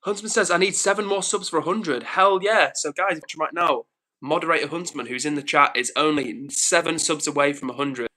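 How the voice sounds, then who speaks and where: A man's voice: a little high, moderate pace, bright, forceful tone, low-quality recording. A young man hosting a live stream, cheerfully greeting viewers by name and reading out their comments, slightly out of breath. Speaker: livestream host.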